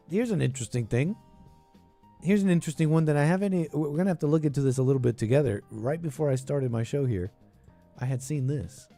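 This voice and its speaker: A scornful American man hosting a political commentary show, his voice pitched a little high. He rants with heavy sarcasm over faint background music. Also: mellow. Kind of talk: ranting call-in show commentary.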